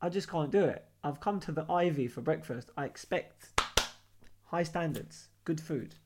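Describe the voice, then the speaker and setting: A man with a London accent, co-hosting a podcast, telling animated, slangy travel stories in casual chat. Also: a little high, normal speed. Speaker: podcast co-host.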